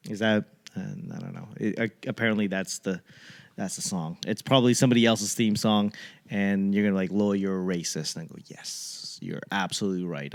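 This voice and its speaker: Rambling comedian. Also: male voice, lowish voice, smooth. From Boston. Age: young adult. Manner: digressive, joking, puts on mocking voices. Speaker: comedian podcast host.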